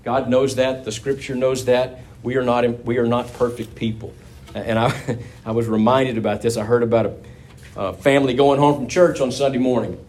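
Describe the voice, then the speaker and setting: A man preaching a sermon in an easy, conversational way. He tells stories with folksy asides and checks in with his listeners. His voice sits at an ordinary middle pitch. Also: fairly even intonation, moderate pace, darkish tone.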